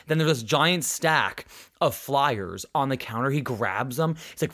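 A young male podcast host with a somewhat high voice tells stories at a moderate pace in casual chat. He's animated, swears, and acts out the people he quotes.

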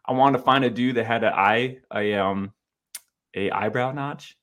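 A young man co-hosting a podcast, telling a self-deprecating story in a rambling, animated way with lots of filler words. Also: mid-range voice, moderate pace. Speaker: podcast co-host. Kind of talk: casual storytelling chat.

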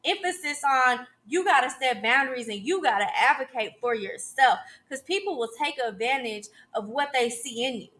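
A woman's voice: sits high, lively intonation, moderate pace, hardly any pauses, fairly bright tone. A woman in her thirties hosting a podcast, giving an emphatic, preachy solo talk and often checking in with "okay?". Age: 30s. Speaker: podcast host.

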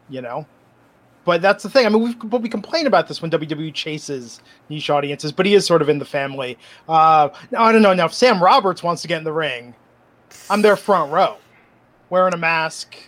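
A man hosting a casual wrestling podcast, talking in an opinionated, animated way with a dash of sarcasm. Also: fairly high pitch. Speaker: podcast host.

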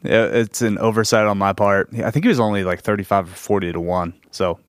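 Co-host: a low-voiced, laid-back man, matter-of-fact and dry, recorded close and dead. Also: little pitch movement, brisk, smooth, dry recording. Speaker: podcast co-host, golf tipster. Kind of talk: casual golf betting chat.

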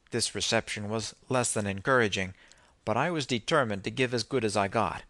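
A man narrating a novel in the first person in a measured, even storytelling manner. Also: fairly low pitch, dry recording. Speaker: audiobook narrator.

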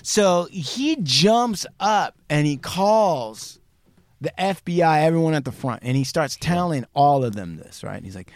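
A man hosting a podcast, telling a true crime story casually and acting out the quotes with sudden jumps in pitch and some swearing. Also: lively intonation, a little slow, no echo. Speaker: podcast host.

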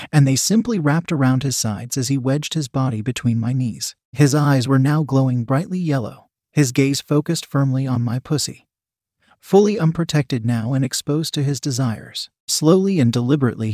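A man reading a first-person story aloud with steady, even narration. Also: mid-range voice, dry recording, clean studio sound. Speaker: reader.

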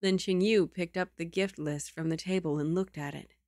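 A woman reading a novel aloud in a calm, even manner. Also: on the low side, moderate pace, no room sound, studio quality. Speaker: audiobook reader.

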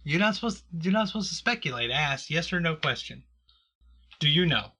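A man's voice: on the high side, lively intonation, a little fast, pushed and bright. A man hosting a casual, joking chat with a co-host, laughing often.

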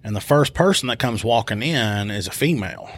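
A man, a police officer and podcast host, telling a casual story about an arrest, animated and swearing freely as he acts out voices. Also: mid-range voice, brisk, husky.

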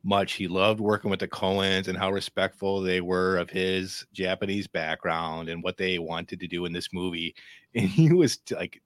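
A man co-hosting a casual film podcast, relaxed and candid, swearing casually. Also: deep voice, moderate pace, no room sound, clean studio sound. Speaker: podcast co-host.

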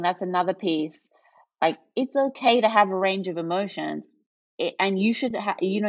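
A woman's voice: lowish voice, dry recording. A woman guest in a casual parenting interview, earnest and explanatory. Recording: dry, dull lo-fi remote line.

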